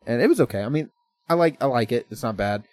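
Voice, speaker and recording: A man in a relaxed podcast chat, meandering through stories with frequent laughs and a loose, swearing delivery. His voice sits at an ordinary middle pitch. It is recorded close and dry, with no room sound around it. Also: fast talker, no echo. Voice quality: swearing, rambling, laughs often. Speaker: podcast co-host. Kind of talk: casual chat.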